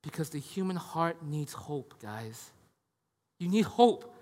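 A man in his thirties, a pastor preaching a conversational sermon, often asking "right?" and moving between hushed and loud passages. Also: a little high, very animated, slow pace, in a large hall. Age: 30s. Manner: conversational, tag questions, swings from hushed to loud.

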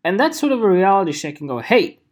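A man's voice: high voice, racing. A young man from Sweden with a Swedish accent, talking casually to camera as a photographer in a rambling, jokey vlog monologue. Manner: rambling, animated, jokey asides with playful voices.

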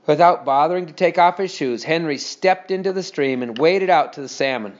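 A man reading a children's story aloud with steady, expressive storytelling. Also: on the high side, fairly quick. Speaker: narrator. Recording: dull lo-fi recording.

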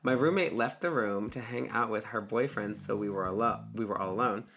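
A woman guest on a podcast, reading a listener's letter aloud and breaking off into loud squeals and asides. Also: a bass voice, a little fast, slight background noise.

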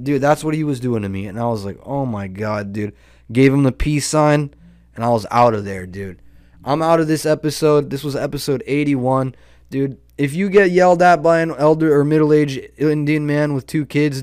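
This young podcast host has a fairly high, slightly mellow, smooth voice and speaks at a moderate pace. He rambles through a casual storytelling monologue laced with profanity and slang, in clean studio sound with no room echo.

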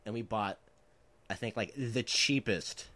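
A man's voice: on the low side, a little slow, bright, forceful tone. A man in his twenties telling prank stories in a casual chat, rambling with lots of filler words and laughing as he goes.

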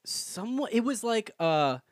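A young man co-hosting a casual podcast, telling stories in an animated way and jumping into loud, high voices when he quotes people. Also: measured pace, dry recording, studio quality. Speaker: podcast co-host. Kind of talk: casual chat. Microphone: podcast mic without pop filter.

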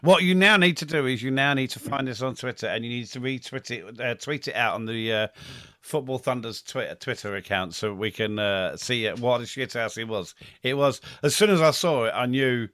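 A man co-hosting a casual football podcast, talking in quick, enthusiastic, rambling asides. His pitch sits in the middle. The recording is dry and close. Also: fairly bright tone, no room sound. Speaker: podcast co-host.

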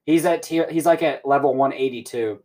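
A young man hosting a podcast, rambling excitedly through a casual recap and swearing often. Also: medium pitch, brisk. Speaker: podcast host.

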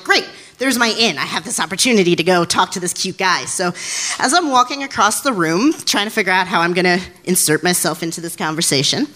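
A person in their twenties telling a funny personal story live on stage, animated and giggly, poking fun at themself. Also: mid-range voice. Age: 20s. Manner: animated, giggly, self-deprecating. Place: stage before a live audience.

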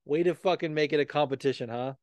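A man's voice: a little high, fast talker, darkish tone, dry recording. Swearing, rambling male podcast host. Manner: rambling, heavy swearing and filler words. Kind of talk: casual chat.

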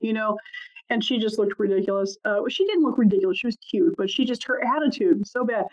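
A podcast co-host from Ohio chats casually, telling family stories and cursing freely. Her medium-pitched voice is quick and lively in intonation, and the audio is muffled and lo-fi.

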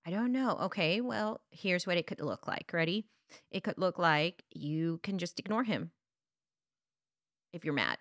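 A woman's voice: fairly low pitch, a little slow, pauses often, no echo, studio quality. A woman in a casual conversation as a guest, telling parenting stories and acting out the dialogue as she goes. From Texas. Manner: lively storyteller, acts out dialogue.

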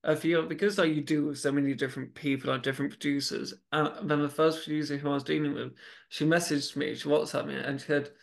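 A man's voice: on the high side, level tone, fast talker, creaky. A man telling stories as a podcast guest, chatty, with frequent restarts and repeated words. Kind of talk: casual storytelling conversation.

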